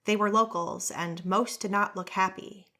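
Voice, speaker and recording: Her voice in the mid range, this woman narrates a fantasy audiobook from a script, keeping a steady, measured storytelling delivery.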